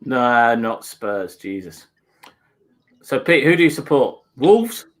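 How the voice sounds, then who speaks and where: A man co-hosting a casual football livestream, reacting excitedly and exclaiming at the match. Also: mid-range voice, slow. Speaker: livestream co-host. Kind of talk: casual chat watching football.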